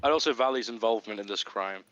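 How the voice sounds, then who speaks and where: A man's voice: lowish voice, fast talker, fairly bright tone, dull audio, soft background music. A man chatting over voice chat while gaming, hamming up a joking detective act. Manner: playful, mock-detective bit. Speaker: Minecraft server player.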